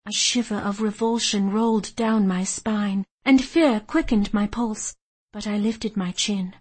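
A woman reading a first-person historical novel aloud in a measured, steady way. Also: mid-range voice, husky. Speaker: audiobook narrator. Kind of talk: first-person storytelling narration.

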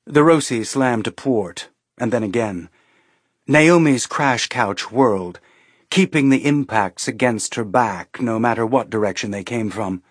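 A man reading an audiobook in measured, steady scripted narration. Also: mid-range voice, husky, dry recording, studio quality.

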